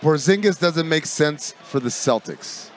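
High-voiced man bantering on a sports podcast. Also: animated, a little slow, slight background noise. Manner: playful, mock-confident debating. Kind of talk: casual sports debate chat.

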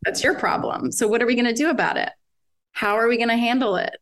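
A woman's voice: on the high side, fast talker. A woman in her forties, a guest on a podcast interview, talking candidly about raising her kids, often laughing and quoting what she tells them. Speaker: guest, parent of several children.

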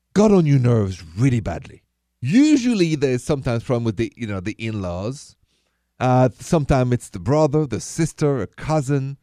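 Dark-toned man hosting radio advice. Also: medium pitch, dry recording, clean studio sound. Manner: chatty, coaching, repeats key phrases. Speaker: radio dating advice host.

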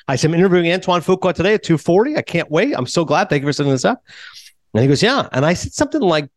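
Male podcast host and film critic, fairly high, lively voice, quick delivery, acts out dialogue. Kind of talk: casual storytelling monologue and interview.

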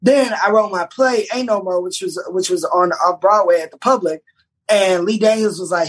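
A man, a TV writer, telling stories on a podcast in an animated, rambling way with many restarts. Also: sits high, moderate pace, husky, poor audio. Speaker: TV writer guest. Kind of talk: casual podcast chat.

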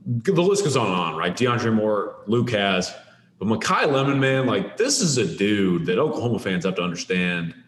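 A man's voice: fairly low pitch, sing-song, normal speed, roomy sound, slight background noise. A man co-hosting a sports podcast, talking up players emphatically, with frequent restarts. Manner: emphatic, enthusiastic, hedging restarts. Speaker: recruiting analyst co-host. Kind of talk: casual sports podcast chat.

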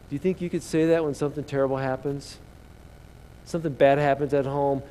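A man's voice: a little high, little pitch movement, fairly quick, mellow, slight background noise. A man preaching a sermon as a pastor, telling the story dramatically and calling out to his congregation. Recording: long hall reverb.

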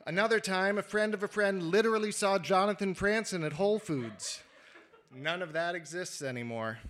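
Man, slightly high voice, live reader, wry measured prose delivery. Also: a bit bright. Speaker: reader at a literary reading. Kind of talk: reading his own prose aloud.

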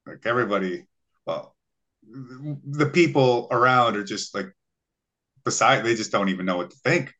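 Bright-voiced male guest telling stories. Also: medium pitch, moderate pace, long pauses. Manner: animated, acts out quoted voices, frequent fillers. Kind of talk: casual storytelling chat.

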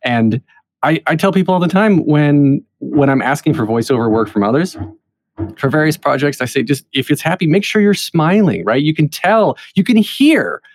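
A man's voice: a little high, animated, normal speed, no room sound. A man hosting a podcast, thinking aloud in long, rambling questions about acting. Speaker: podcast host. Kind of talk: casual podcast interview.

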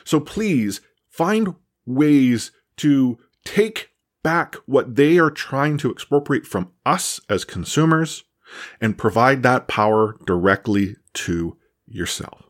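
A man's voice: mid-range voice, animated, takes it slowly. A man hosting a podcast and giving impassioned commentary, indignant and stammering at times. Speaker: podcast host. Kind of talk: opinion commentary.

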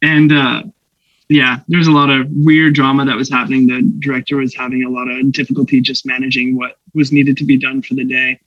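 A man's voice: mid-range voice, level tone, a little fast, no echo, dull audio. A young man from Canada, an actor guest, telling anecdotes animatedly with laughs and put-on voices. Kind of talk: casual storytelling interview.

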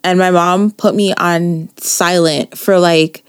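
A woman's voice: on the low side, steady tone, takes it slowly, smooth. A young woman co-hosting a podcast, telling a story in casual chat, acting out quotes and laughing often. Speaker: podcast co-host.

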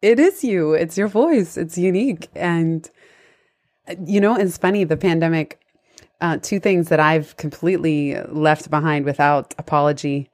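A woman's voice: sits low, normal speed, darkish tone. A woman who works as a life coach, hosting a conversational interview over a video call and talking in an enthusiastic, reflective way.

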